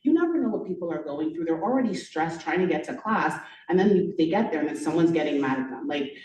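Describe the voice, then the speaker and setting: A woman teacher on a panel, talking in an animated, storytelling way, full of "like" and "you know". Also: low-pitched, fast. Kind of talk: conversational panel talk. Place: event room. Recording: echoey room, voice from far off.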